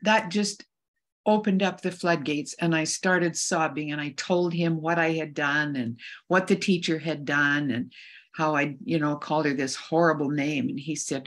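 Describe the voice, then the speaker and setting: A middle-aged woman, a guest speaker on a video call, telling a personal story in an earnest, measured way with frequent restarts. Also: low voice, fairly even intonation.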